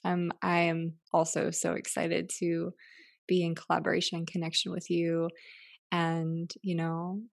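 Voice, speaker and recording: A woman's voice: on the low side, monotone, a little slow, creaky, no echo, clean studio sound. A woman hosting a podcast from her home, talking in a gushing, casual way, swearing freely and calling her listeners y'all. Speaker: podcast host.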